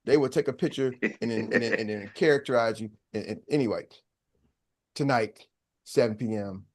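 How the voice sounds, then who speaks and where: A man hosting a live morning sales call as coach, energetic and joking, talking loosely into a real microphone on a video call. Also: lowish voice, moderate pace. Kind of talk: casual hype talk on a live video call.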